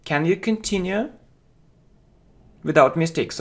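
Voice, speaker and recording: A man teaching English vocabulary, speaking slowly and deliberately and repeating each word for learners. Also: fairly high pitch, animated. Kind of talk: slow vocabulary lesson with drills.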